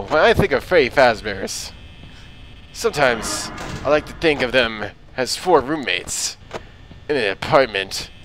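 A man's voice: medium pitch, sharp tone, a little hiss or hum, low-quality recording. A man hosting a gaming video, joking and rambling crudely as he plays. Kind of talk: let's play commentary.

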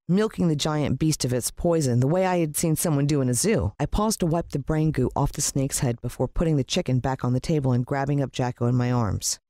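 This clean, dry studio recording features a narrator performing a children's adventure story with plenty of expression, the pitch springing upward in the dialogue.

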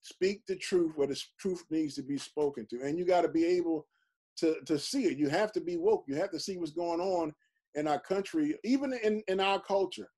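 High-voiced pastor teaching emphatically. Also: male voice, moderate pace, warm tone. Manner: conversational, emphatic, frequent "you know". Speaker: pastor leading Bible study. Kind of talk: informal Bible study teaching.

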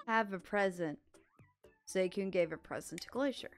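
A woman's voice: mid-range voice, moderate pace, darkish tone. A woman commenting on a video game as she plays, reading the characters' lines aloud and laughing often. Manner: giggly, reads character lines in playful voices. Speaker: gaming channel host. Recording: faint game music behind.

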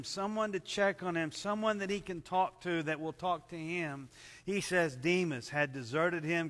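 A man preaching a sermon in an earnest, measured way, dropping softly for emphasis. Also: long reverb tail. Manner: earnest, measured, drops to soft low tones for emphasis. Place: church service at a camp.

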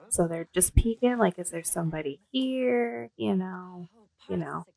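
Gravelly-voiced woman doing game commentary. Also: on the low side, a little slow. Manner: excitable, giggly, crude. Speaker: gaming video host. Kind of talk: let's play commentary.

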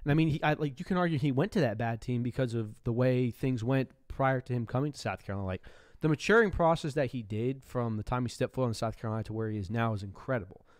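A man co-hosting a live sports talk show, giving rapid, animated analysis. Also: mid-range voice, no echo, studio quality. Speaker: co-host.

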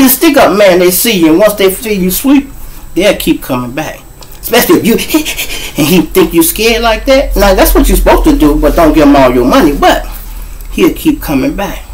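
A middle-aged Chicago man with a high voice hosts his own show, telling street stories in an animated monologue. He acts out the scenes with sound effects and voices, though the recording quality is low.

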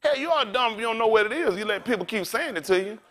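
A man's voice: high voice, lively intonation, fast talker, fairly bright tone. A male pastor preaching a rowdy, colloquial sermon, calling out to his congregation for responses.

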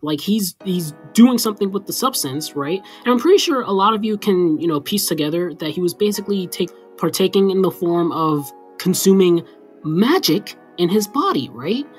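A woman with a fairly low voice tells a casual story time, filling her talk with fillers. Her delivery is rambling and chatty. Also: lively intonation, normal speed, soft background music.

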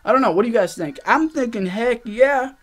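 A young man hosting a gaming channel, rambling excitedly to viewers as he plays a mobile strategy game and comments on each move. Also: very high voice, fairly quick, soft background music. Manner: excitable, rambling, talks to viewers while playing. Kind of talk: casual gameplay commentary. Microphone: face cam.

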